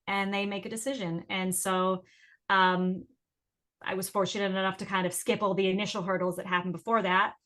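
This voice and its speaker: English actress, accent drifting toward american, chatty and laughing a lot, bright crisp voice. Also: female voice, medium pitch, flat delivery, fairly quick. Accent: mixed British and American. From England. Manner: bubbly, laughs often, chatty. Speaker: actress guest. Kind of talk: casual interview answers.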